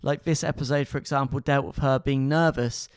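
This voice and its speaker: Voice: mid-range voice, fairly even intonation, a little fast, smooth, no room sound, clean studio sound. A co-host on a casual podcast, summarising a children's episode with enthusiasm. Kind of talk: casual chat reviewing a kids' show.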